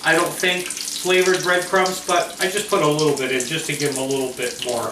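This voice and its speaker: A man's voice: a little high, fairly even intonation, brisk, echoey room, recorded from a distance, noisy background. A man hosting a cooking vlog, talking casually and enthusiastically through a recipe, often checking in with "okay?".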